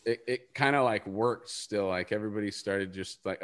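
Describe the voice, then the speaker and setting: Low-voiced man rambling casually. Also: moderate pace. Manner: rambling, fillers, swearing. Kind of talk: casual chat.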